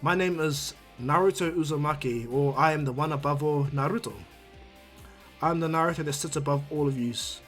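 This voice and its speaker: A man voicing a calm, proud, all-powerful male overseer of the multiverse in a fan-made anime story, speaking low and gently. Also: moderate pace, faint music behind, lightly acted. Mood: calm, kindly.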